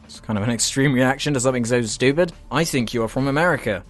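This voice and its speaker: A man's voice: mid-range voice, fast talker, faint music behind. A British man reading out viewer comments and answering them in a sarcastic, swearing comedy rant. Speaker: YouTuber reacting to comments.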